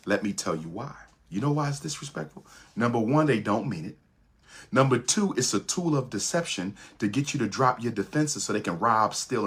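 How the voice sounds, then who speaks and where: A man's voice: medium pitch, slightly rough. A man giving an impassioned speech, emphatic and repetitive, with rhetorical questions. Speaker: public speaker.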